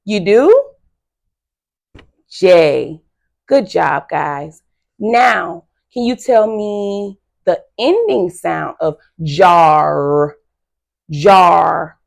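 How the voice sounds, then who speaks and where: A woman teacher giving a phonics lesson to young children, slow and encouraging with frequent praise. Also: lowish voice, lively intonation, gravelly.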